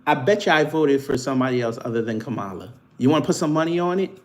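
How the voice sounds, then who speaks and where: A man hosting a casual live stream, firing back at commenters with teasing, taunting banter. His voice sits in a middle pitch, and he keeps the talk loose and conversational. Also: lively intonation, fast talker.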